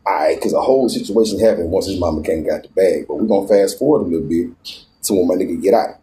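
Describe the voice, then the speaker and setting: A man telling a story in a casual, slangy, animated way, out in a garden. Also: deep voice, quick pace, low-quality recording. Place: outdoors in a garden.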